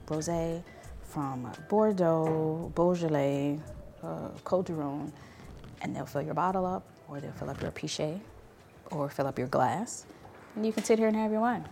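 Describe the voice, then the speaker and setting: A Chicago wine consultant with a low, creaky voice tells stories in her casual vlog. She's animated, acting out the voices of the people she mentions.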